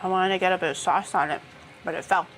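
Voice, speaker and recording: A woman's voice: lowish voice, steady tone, quick pace, a bit bright, slight background noise. A woman chatting casually with viewers while she cooks on a live stream, swearing now and then. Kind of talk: casual chat while cooking. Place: home kitchen.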